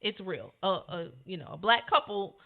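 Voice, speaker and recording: Female co-host, earnest and animated, mid-pitched voice, thin narrow audio. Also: normal speed. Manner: earnest, animated, says "you know" often. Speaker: podcast co-host. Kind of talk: casual conversation. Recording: phone-like narrow sound.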